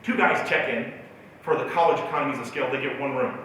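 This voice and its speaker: A man's voice: medium pitch, fast talker, fairly bright tone, slight background noise. A male motivational speaker telling a self-mocking personal story at a keynote talk in a large auditorium. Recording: echoey hall from far off.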